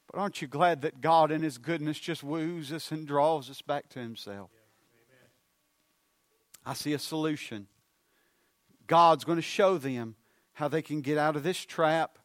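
A man preaching a sermon, moving from hushed storytelling to loud, fervent appeals. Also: fairly high pitch, dry recording.

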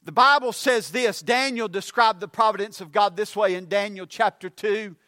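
A man preaching a sermon, building his points with repetition and rising to shouts on key lines. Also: sits high, normal speed, dry recording.

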